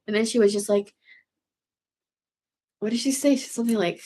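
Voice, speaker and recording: A woman in her fifties with a gravelly, rough-edged voice that sits high in pitch. She tells a personal story in a casual, confessional way, swearing freely, stumbling and restarting sentences as she goes. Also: fairly even intonation, normal speed, warm tone. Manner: rambling, profane storytelling full of restarts. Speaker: vlogger.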